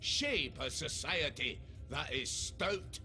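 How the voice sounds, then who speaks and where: Gravelly Scottish dwarf lord. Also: male voice, fairly high pitch, animated, slow pace, pushed and bright, soft background music, heavily acted. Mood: hearty. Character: proud beer-loving dwarf lord, jovial, boastful. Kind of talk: video game voice acting.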